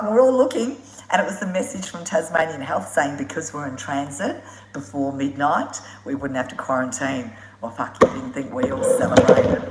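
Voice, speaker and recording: A low-pitched woman chats on a live stream, spinning travel stories in a blunt, animated way and swearing without a second thought. She laughs often as she talks. Her voice bounces around a roomy, echoey space. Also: noisy background. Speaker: motorbike traveller hosting a live Q&A. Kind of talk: casual live-stream storytelling.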